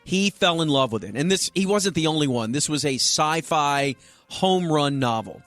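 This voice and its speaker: A man co-hosting a radio show, telling a long story to his co-hosts in a lively, slightly high voice. He speaks into a studio microphone, and faint music plays underneath. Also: normal speed, no echo. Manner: storytelling, animated, laughing with co-hosts. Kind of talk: casual sports-radio banter.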